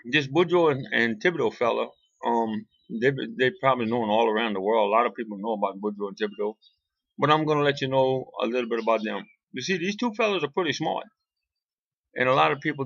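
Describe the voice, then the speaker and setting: A Cajun man from Louisiana tells jokes in a loose, folksy ramble, with plenty of "boy" and restarts. His voice is gravelly and sits at a middle pitch. The sound is dry and a little dull. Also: fairly bright tone, no room sound. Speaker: joke teller. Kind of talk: casual joke storytelling.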